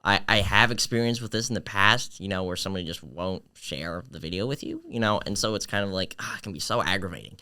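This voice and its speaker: Bright, crisp-voiced joking young man host. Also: low-pitched, quick pace, few pauses. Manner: joking, rambling, playful. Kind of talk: casual street interview.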